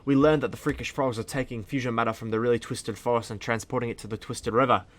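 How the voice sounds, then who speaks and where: A man voicing a brash young cartoon boy agent with an attempted Australian accent, clumsy and loud. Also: mid-range voice, steady tone, fast, slight background noise, natural voice.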